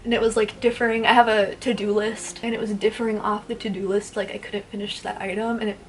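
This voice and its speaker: Fast and with little pitch movement, a medium-pitched woman's voice runs through a casual get-ready-with-me chat. She's a beauty vlogger in her twenties doing makeup at home, rambling, blunt and swearing freely, with slight background noise.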